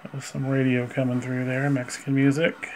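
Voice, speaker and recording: A man with a middle-pitched voice holds a ghost-hunting session, calling out to spirits. He asks his questions slowly and patiently, almost pleading. Faint noise hangs behind him. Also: completely flat delivery, low-quality recording. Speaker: paranormal investigator.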